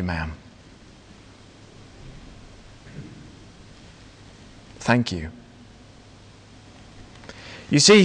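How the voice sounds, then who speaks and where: A man preaching a sermon, telling a story slowly and dramatically with long pauses. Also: a little high, smooth. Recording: long reverb of a large hall.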